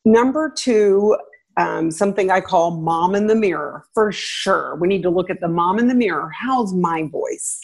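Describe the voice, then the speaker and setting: A woman with a slightly low, husky voice talks through parenting tips like the teacher she once was. She speaks in an easy conversational way and laughs between points. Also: a little slow. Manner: animated, laughs, acts out quotes with pitch jumps. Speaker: parenting guest expert, former teacher. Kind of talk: conversational advice.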